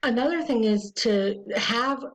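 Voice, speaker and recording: A woman presenting an educational webinar, talking casually with frequent ums and slowing into a soothing voice to model calm self-talk. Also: fairly high pitch, rough recording.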